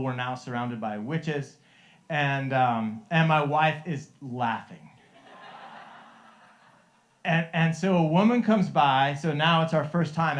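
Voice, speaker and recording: A middle-aged man with a voice a little higher than most men's tells a faith story to a live group. He is earnest and chuckles often, stumbling over restarts as he speaks. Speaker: Christian life coach sharing a testimony.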